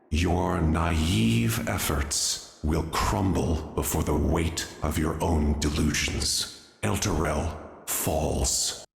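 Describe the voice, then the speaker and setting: Zariel, a gravelly archdevil. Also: low-pitched, voice pushed down, full character voice. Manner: slow, menacing pronouncements. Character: female archdevil, imperious and contemptuous. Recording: cavernous long reverb.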